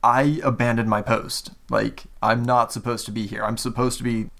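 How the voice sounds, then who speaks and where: A man's voice: mid-range voice, little pitch movement, moderate pace, a bit bright, natural voice. A man voicing a wary young male city guard who sounds urgent and exasperated. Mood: incredulous.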